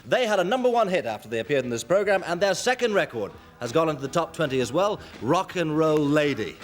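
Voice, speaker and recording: A man hosting a talent show, announcing scores and acts briskly. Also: fairly high pitch, big pitch swings. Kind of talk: live TV presenting.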